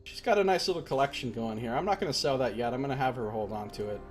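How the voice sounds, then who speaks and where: A man giving casual, chatty commentary while streaming a video game, thinking out loud as he plays. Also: mid-range voice, fast talker, soft background music. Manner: chatty, thinks aloud, reads game text.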